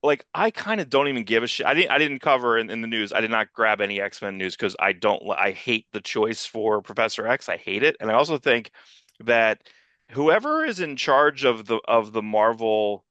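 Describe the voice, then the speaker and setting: A man co-hosting and producing a casual comics podcast, talking in a rambling, profane, animated way and putting on little voices when he quotes people. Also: fairly low pitch, normal speed, dry recording, muffled recording.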